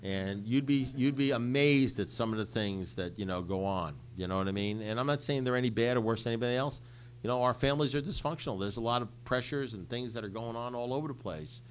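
A man's voice: medium pitch, fast, a little hiss or hum. An older man telling a personal recovery story to a group, speaking bluntly and conversationally and repeating phrases for emphasis.

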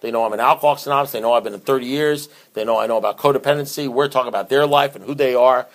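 Racing along at a medium pitch, the same kind of blunt, streetwise talker holds forth off the cuff: a middle-aged divorce counselor and recovery sponsor. His talk rambles, loops back through restarts and repetitions, and turns animated now and then.

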